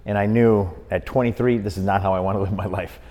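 Speaking fast in a lowish voice, this middle-aged boxing referee from Wisconsin is a guest on a podcast, telling a long story in an interview. He's a lively storyteller who performs the people he quotes, and the audio has a big-room sound.

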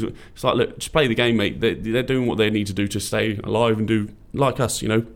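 A man's voice: on the low side, brisk. A British man in his thirties co-hosting a podcast, rambling and joking in casual chat. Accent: British English. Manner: rambling, jokey, puts on drunk-bloke voices. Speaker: podcast co-host.

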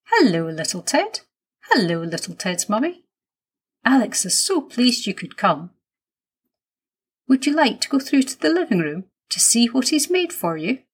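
A woman's voice: on the high side, big pitch swings, measured pace, breathy edge, pitched above the performer's own voice, full character voice. A woman doing a cheerful welcoming mum.

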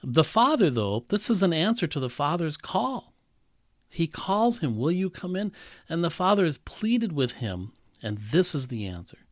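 A man preaching a sermon, animated and emphatic, with frequent rhetorical questions. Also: on the high side, moderate pace, dry recording, studio quality. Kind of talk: expository sermon.

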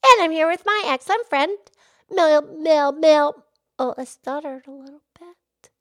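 A bubbly little pig girl hosting a kids' podcast, voiced by a woman, all squeaky sing-song chatter. Her voice sits up high and bounces with excitement as she chats with her co-host. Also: a little fast. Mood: cheerful. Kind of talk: in-character kids' podcast chat.

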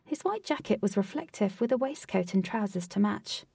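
A woman reading a story chapter aloud in a steady narrating voice. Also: mid-range voice, moderate pace, vocal fry, breathy edge, dry recording, clean studio sound, distant mic. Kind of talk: audiobook reading.

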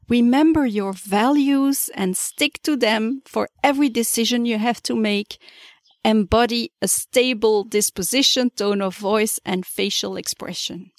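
A woman hosting her own podcast, giving calm step-by-step leadership advice in a measured, instructive way. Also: on the high side, no echo, studio quality. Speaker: podcast host. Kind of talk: solo podcast coaching talk.

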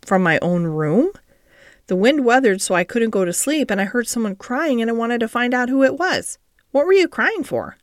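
A woman's voice: on the high side, very animated, moderate pace, no room sound, studio quality. A woman voicing a blunt, curious young girl in an audiobook, direct and questioning.

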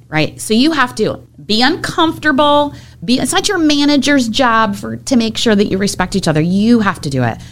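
Lively, animated woman hotel manager. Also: fairly high pitch. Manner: animated, acts out coworkers' voices in anecdotes. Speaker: hotel general manager, guest. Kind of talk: storytelling in a podcast interview.

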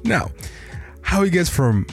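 A man's voice: sits high, sing-song, takes it slowly, vocal fry, slightly rough, faint music behind. A man introducing a podcast episode in a scripted, dramatic way, asking listeners to imagine scenes. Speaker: podcast host.

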